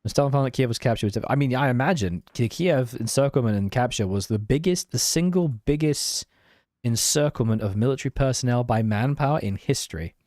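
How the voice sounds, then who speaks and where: A man's voice: medium pitch, animated, fairly quick, a little mellow, no room sound, clean studio sound. Self-mocking young man streaming a game. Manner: self-mocking, chatty, reads and answers chat. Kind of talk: casual live-stream gameplay chat.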